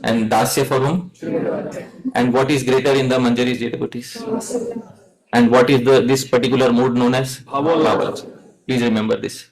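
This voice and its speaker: A devotional teacher gives a lecture in a steady, mid-range voice at a moderate pace with long pauses. He often quizzes his listeners, calls them dear devotees, and leads chants they repeat back. The audio is poor.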